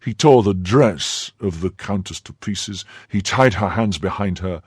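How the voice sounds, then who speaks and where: Male audiobook narrator, very low voice, husky, dry, measured telling. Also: no echo.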